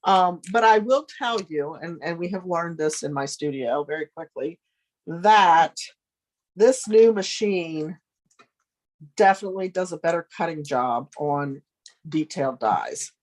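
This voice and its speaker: A middle-aged crafting demonstrator, speaking from her home studio in a fairly low, animated, unhurried voice, chats and thinks aloud as she works, adding friendly asides. There's no room sound.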